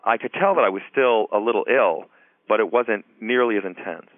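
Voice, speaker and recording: A middle-aged man, a guest author and psychiatry professor, telling stories in a radio interview with a relaxed manner and many "you know"s. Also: fairly low pitch, fairly quick, no echo. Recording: tinny phone-line call-in audio.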